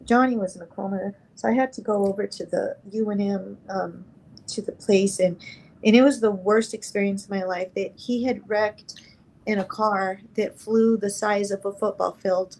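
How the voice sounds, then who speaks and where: A middle-aged woman from New Mexico, a guest in an interview, telling a personal story in a halting, emotional way and acting out the dialogue. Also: mid-range voice, fairly even intonation, a little mellow, rough recording.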